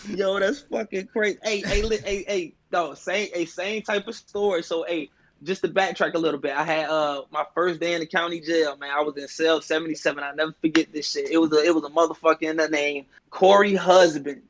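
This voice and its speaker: A man's voice: fairly high pitch, fairly even intonation, brisk. A man telling jail stories in loose, profane street slang, full of restarts and repeats, as a podcast guest. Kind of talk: casual storytelling chat.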